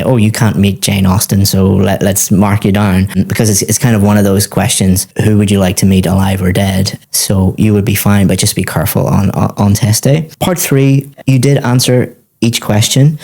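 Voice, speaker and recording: A man's voice: lowish voice, dark tone. A man teaching, giving a student methodical, encouraging feedback on a speaking exam.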